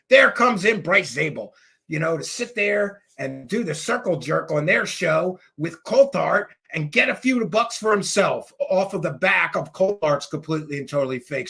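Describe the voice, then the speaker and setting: Angry gravelly-voiced man ranting. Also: high voice. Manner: angry, mocking, sarcastic, shouts at times. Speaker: host. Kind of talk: ranting commentary.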